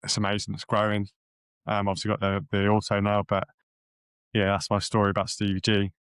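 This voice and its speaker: Male podcast co-host, lower voice, loose anecdotal delivery. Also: fairly quick, smooth, dry recording. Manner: rambling, animated storyteller with many restarts. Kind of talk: casual chat.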